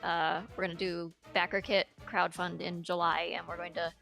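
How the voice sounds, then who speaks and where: A woman who works on an animated series, chatting casually on a livestream, unhurried and thinking aloud with lots of fillers. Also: lowish voice, gravelly, soft background music.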